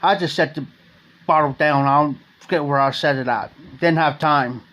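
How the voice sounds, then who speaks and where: A man's voice: on the high side, steady tone, moderate pace, a bit bright. A man from Ohio hosting a late-night livestream, telling a story in a rambling, folksy way and often repeating and restarting his phrases. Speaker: livestream host.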